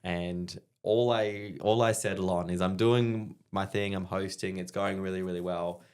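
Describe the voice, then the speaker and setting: A man in his thirties with an Australian accent, telling profane, animated stories in casual chat as a guest comedian. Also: low voice, moderate pace, smooth.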